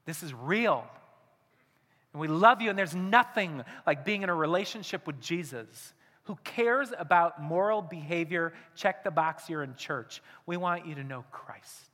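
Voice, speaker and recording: Male pastor, high bright voice, sermon delivery swinging between hushed and urgent, long church-hall reverb. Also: expressive, a little slow. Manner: swings from hushed intimate asides to loud urgent appeals.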